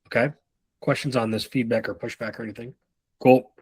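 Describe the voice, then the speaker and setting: A man giving a casual sales training talk, swearing freely and acting out pitches and customer replies. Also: steady tone, husky, no echo. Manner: loose, profane, acts out sales calls in quick role-play.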